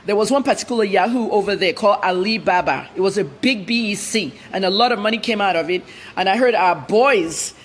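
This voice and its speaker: A middle-aged woman journalist answers interview questions in a blunt, emphatic way, hopping from one point to the next. Her voice is medium-pitched and brisk, with slight background noise.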